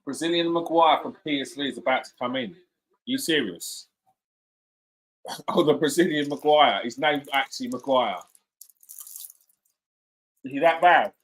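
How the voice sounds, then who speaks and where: A man hosting a live football watchalong, reacting excitedly, shouting at players and swearing. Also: mid-range voice, moderate pace.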